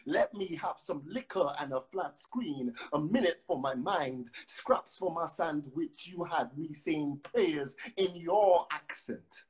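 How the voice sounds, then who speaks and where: A man's voice: on the high side, slow pace, few pauses. Man, chatty then rhythmic. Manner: loose and chatty with many fillers, then rhythmic and emphatic when reciting. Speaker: guest poet. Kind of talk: casual chat and spoken word poetry reading. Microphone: phone on a live video stream.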